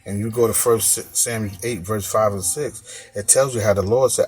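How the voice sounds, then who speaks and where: A man's voice: fairly low pitch, steady tone, normal speed, slightly rough, faint music behind. A man preaching an informal sermon, reading scripture and repeating key phrases for emphasis in casual street speech. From United States.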